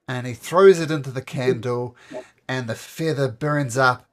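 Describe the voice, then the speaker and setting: A man narrating a tabletop game as game master, in relaxed, descriptive narration. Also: medium pitch, moderate pace.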